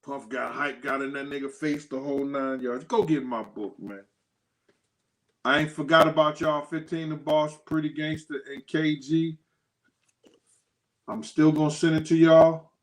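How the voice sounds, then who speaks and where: Man telling animated stories, high voice. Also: measured pace. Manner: animated storytelling, acts out quotes in a raised voice; thanks viewers by name. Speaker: host. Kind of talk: casual storytelling livestream.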